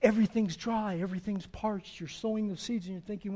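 A man's voice: high voice, steady tone, brisk, dark tone. A man preaching a sermon as pastor, earnest and building to emphatic swells.

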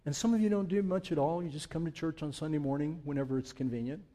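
Male pastor, unscripted sermon, mellow tone, slightly high voice, conversational. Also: quick pace. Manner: conversational, building to fervent emphasis. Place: church sanctuary.

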